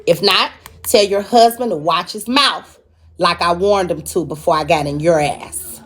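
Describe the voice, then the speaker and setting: Slow, blunt woman ranting on a stream. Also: fairly low pitch, a bit bright. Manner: confrontational, profane, warning; drawn-out emphatic delivery. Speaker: live-stream host. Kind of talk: live-stream rant.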